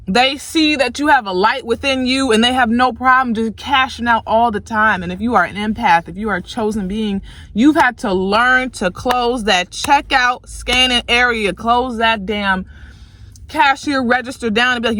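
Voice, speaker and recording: Bright-voiced woman in a profane rant. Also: moderate pace, dry recording. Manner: frustrated, profane, swings between loud outbursts and low weary muttering. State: exhausted. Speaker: tarot reader. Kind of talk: venting rant to viewers.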